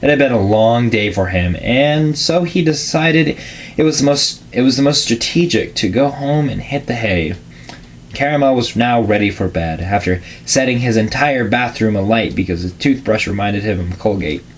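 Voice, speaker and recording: A man giving a deadpan, casual reading of a crude comedic fan story, with offhand asides. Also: medium pitch, moderate pace, slight background noise.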